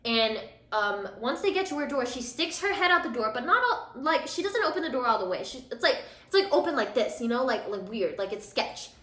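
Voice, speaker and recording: A woman's voice: a little high, big pitch swings, brisk, few pauses, fairly bright tone. A young woman vlogger casually recapping a drama while doing her makeup, chatty and full of fillers, acting out the characters' lines. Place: room at home, doing makeup. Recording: echoey room.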